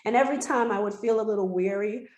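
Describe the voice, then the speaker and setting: A woman speaks in an earnest, heartfelt way, sharing a personal story as an interview guest. Her voice sits at an ordinary middle pitch. The room around her is echoey and reverberant. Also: fast, a little mellow. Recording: roomy echo.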